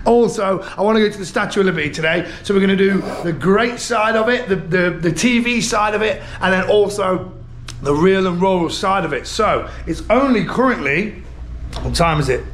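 British vlogger man, high voice, chatty and rambling, loud traffic all around. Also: lively intonation, moderate pace. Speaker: travel vlogger. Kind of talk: casual vlog narration. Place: busy city street outdoors. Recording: loud street traffic behind.

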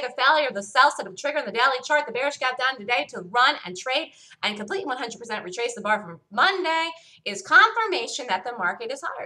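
Bright, self-assured woman market commentator. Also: medium pitch. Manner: emphatic, self-assured, repetitive. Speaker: stock market show host. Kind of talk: solo market review commentary.

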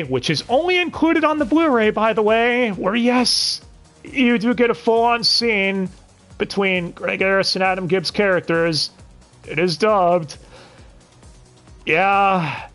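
Male podcast host, slightly higher voice, blunt and profane, casual review delivery, faint music behind. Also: fairly bright tone. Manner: blunt and swearing, with bursts of incredulous exclamation.

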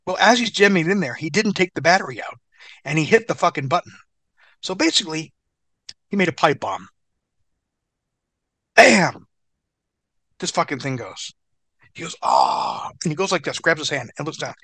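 A man who is a guest in an interview, telling a story in an animated, profane way. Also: fairly high pitch, fast talker, no echo.

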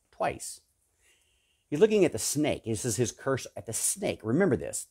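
A man preaching a sermon, fervent and emphatic, swinging between loud peaks and low hushed stretches, repeating and listing words for emphasis. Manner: repetitive, emphatic lists.

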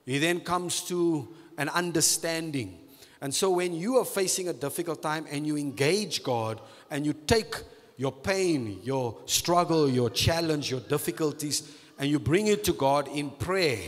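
Slow, emphatic preacher in a reverberant hall. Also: male voice, a little high, lively intonation. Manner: repeats phrases, stretches key words slowly for emphasis. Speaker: pastor. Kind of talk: sermon.

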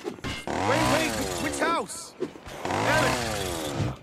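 A man's voice: medium pitch, wildly swooping pitch, very slow, gravelly, full character voice. A man voicing a wisecracking, pushy photojournalist hero in a video game, with game music behind him. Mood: wry. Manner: wisecracking, exasperated. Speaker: game character.

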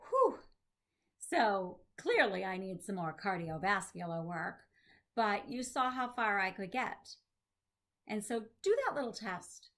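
A woman teacher reading a book aloud to her students in a measured, expressive way. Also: mid-range voice.

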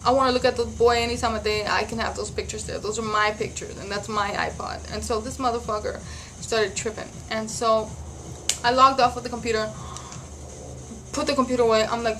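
A woman's voice: a little high, fairly even intonation, brisk, a bit bright, slight background noise. A woman in her thirties venting bluntly and profanely in a casual vlog. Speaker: vlogger.

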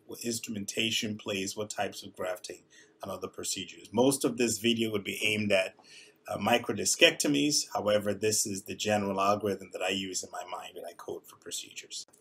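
A man with a somewhat low, husky voice presents a recorded lesson. He talks in a measured, explanatory way, often pausing on filler sounds. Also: steady tone, fairly bright tone. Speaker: neurosurgeon teaching coding.

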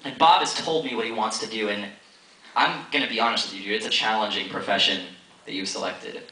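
A man's voice: fairly low pitch, fairly quick, sharp tone. A man performing spoken word poetry on a college stage in a rhythmic, theatrical, teasing way. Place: college stage before an audience. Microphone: audience camera from far off. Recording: distant, echoey hall with audience noise.

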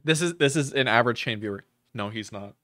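A man's voice: medium pitch, fast talker, pushed and bright, no room sound, studio quality. A man giving crude, sarcastic live reaction commentary on a video, thanking viewers as he goes.

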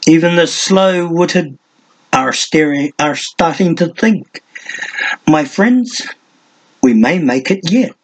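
A man's voice: fairly high pitch, lively intonation, slow, long pauses, rough recording. A man reading an audiobook and voicing a lean, sardonic young male hunter with a mocking, theatrical manner. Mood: teasing.

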